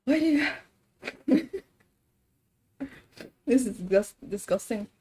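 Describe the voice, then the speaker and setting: Woman streamer, slow and mellow, casual live-stream chat, groaning through a spicy eating challenge. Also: on the high side, animated, husky. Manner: chatty, groaning and laughing while eating spicy food. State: sniffling from spicy food.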